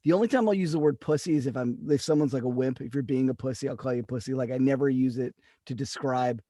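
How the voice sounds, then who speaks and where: A man co-hosting a comedy podcast from a video call, talking in a halting way with many restarts. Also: mid-range voice, dark tone, no echo, clean studio sound. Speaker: podcast co-host. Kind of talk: crude comedy banter.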